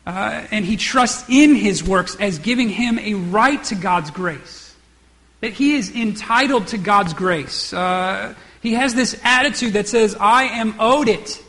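High bright-voiced man preaching. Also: big-room sound. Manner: acts out the characters' lines, many restarts. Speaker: pastor. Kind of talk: sermon.

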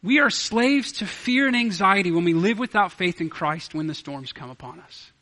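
A man preaching a sermon as pastor, swinging from loud declarations to hushed asides. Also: high voice, lively intonation, moderate pace.

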